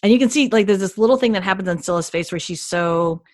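A woman's voice: medium pitch, fast talker, darkish tone, no room sound. Enthusiastic woman podcaster, dry sound. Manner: enthusiastic, gushing, frequent restarts. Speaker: podcast co-host. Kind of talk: casual podcast chat.

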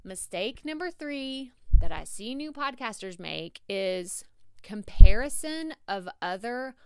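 A woman's voice: on the high side, animated, slow, a little mellow, clean tone, no room sound, clean studio sound. A woman with a Texas drawl hosting a solo podcast, giving chatty, direct tough-love advice to listeners she calls y'all. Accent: Texan Southern. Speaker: podcast host.

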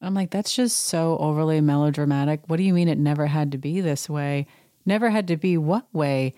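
A woman's voice: sits low, a little mellow, no echo, clean studio sound. A woman recapping a reality show at home, indignant and sarcastic, mocking the cast in put-on voices. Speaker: podcast recap host. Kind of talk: casual chat.

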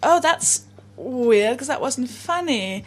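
A woman's voice: sits high, lively intonation, takes it slowly, husky. A British woman comedian, a rambling storyteller who laughs often in casual podcast chat. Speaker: comedian guest.

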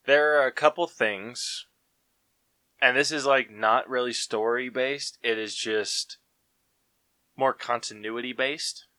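A man's voice: medium pitch, fairly even intonation, takes it slowly, pushed and bright, no echo. A man co-hosting a podcast, chatting casually and rambling with slang and fillers. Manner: rambling, laid-back, full of fillers and slang. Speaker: podcast co-host. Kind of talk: casual chat.

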